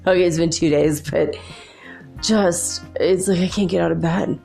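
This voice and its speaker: A woman's voice: on the low side, fairly even intonation, normal speed, gravelly, a little mellow, faint music behind. A woman with children talking casually and at length, rambling with many fillers and restarts, laughing often as she tells personal stories. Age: adult with children. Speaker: host.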